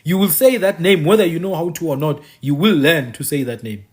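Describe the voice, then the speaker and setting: A man's voice: fairly high pitch, fairly quick, a little mellow. A man giving an impassioned monologue, repeating his phrases for emphasis and dropping mocking asides. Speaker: commentator.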